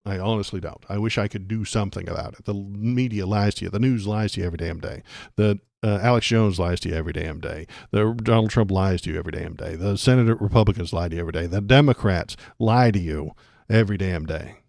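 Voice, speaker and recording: Deep-voiced ranting man livestreamer. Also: quick pace, gravelly, darkish tone, dry recording, clean studio sound. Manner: ranty, sarcastic, laughs often, talks to chat. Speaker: political livestream host.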